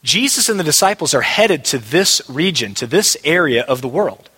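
Pastor guy preaching, bright forceful voice, lots of hall echo, keeps repeating lines for emphasis. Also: on the high side, sing-song, moderate pace, husky. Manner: emphatic, repeats key phrases. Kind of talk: sermon. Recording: long hall reverb.

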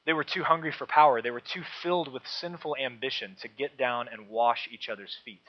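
A man preaching a sermon to a congregation, emphatic and rising, then dropping into soft low asides. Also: fairly quick. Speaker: pastor. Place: church. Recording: dull lo-fi sound.

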